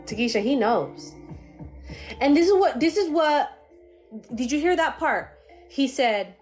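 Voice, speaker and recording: A woman giving a live-streamed psychic reading in a casual, animated way, swearing and laughing often. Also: sits high, a little slow, pauses often, soft background music. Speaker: psychic medium.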